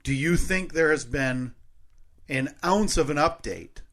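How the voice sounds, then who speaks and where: A man's voice: fairly high pitch, unhurried, fairly bright tone. A man with a Midwestern accent co-hosting a podcast, chatting casually in a rambling, playful way that often corrects itself. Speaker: podcast co-host. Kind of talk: casual chat.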